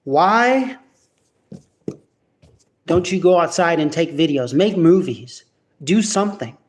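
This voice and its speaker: A man's voice: fairly high pitch, animated, takes it slowly. A man ranting casually to camera in a vlog at home, profane and rambling with many restarts. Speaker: vlogger.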